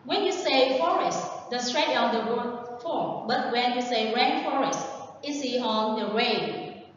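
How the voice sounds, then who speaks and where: A woman whose first language is Vietnamese, teaching an online English lesson, explaining words carefully and giving model sentences, recorded from a distance in an echoey room on low-fidelity audio. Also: measured pace, dull audio, a little hiss or hum.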